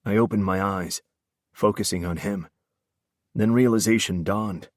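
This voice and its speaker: A man with a very deep, low voice reads a first-person audiobook in an intense, brooding way. He is close to the mic, and the sound is dry with no room echo. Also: steady tone, measured pace. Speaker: audiobook narrator.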